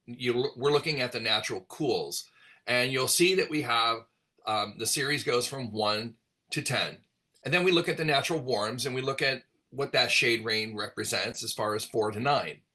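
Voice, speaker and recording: A man's bright, forward voice at an ordinary pitch, talking through his work as a colorist. He rambles in a relaxed way, full of ums and restarts, like an educator speaking in an online class. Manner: relaxed, rambling explanation with many fillers. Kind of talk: virtual class talk.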